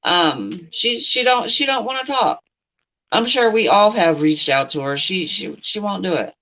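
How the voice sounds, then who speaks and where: A blunt middle-aged woman chatting on a livestream at an ordinary pitch, speaking as if directly to someone who isn't in the room and stopping to answer her chat. The sound is a bit dull and lo-fi. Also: expressive, a little slow, fairly bright tone. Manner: blunt, talks straight at an absent person, answers chat. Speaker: livestream host. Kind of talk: casual livestream commentary.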